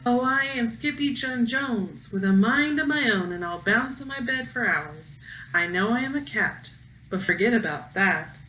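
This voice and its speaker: A woman's voice: on the high side, animated, normal speed, pushed and bright, recorded from a distance, a little hiss or hum. A woman reading aloud, voicing a mischievous young boy kitten in a playful, bouncy sing-song. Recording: roomy echo, faint ambience.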